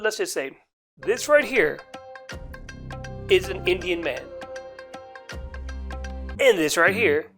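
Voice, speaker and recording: A man hosting an unscripted comedy business news show, rambling and interrupting himself as he riffs. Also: on the high side. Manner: rambling, animated, self-interrupting. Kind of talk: freestyle comedic commentary.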